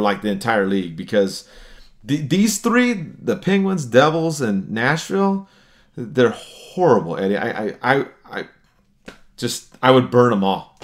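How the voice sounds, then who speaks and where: Ranting man on a hockey podcast. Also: medium pitch. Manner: blunt, ranting, laughs often. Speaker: podcast co-host. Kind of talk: casual sports chat.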